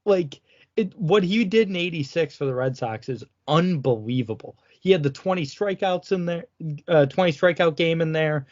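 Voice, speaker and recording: A man's voice: fairly high pitch, lively intonation, normal speed. A man co-hosting a casual sports podcast, opinionated and saying "like" often. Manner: opinionated, uses "like" a lot. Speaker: podcast co-host. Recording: dull lo-fi recording.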